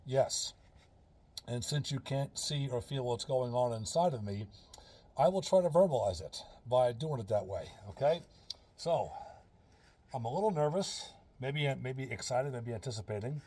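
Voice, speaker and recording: A man's voice: mid-range voice, lively intonation, normal speed, dark tone, husky. A man in a casual instructional vlog, explaining earnestly step by step and repeating his key phrases. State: out of breath. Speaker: fitness and breathing instructor.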